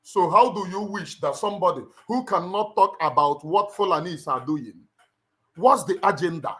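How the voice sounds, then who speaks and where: A middle-aged man with a Nigerian accent addresses his livestream viewers in a fervent, sermon-like style. He repeats phrases for emphasis and presses each point home. His speaking voice sits somewhat high for a man. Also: normal speed, fairly bright tone. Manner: emphatic, repeats lines like a preacher. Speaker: livestream host.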